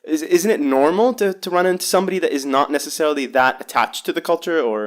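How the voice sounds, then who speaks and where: A man's voice: on the high side, fast. A man hosting a podcast, asking long, rambling questions with many restarts in casual chat. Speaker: podcast host.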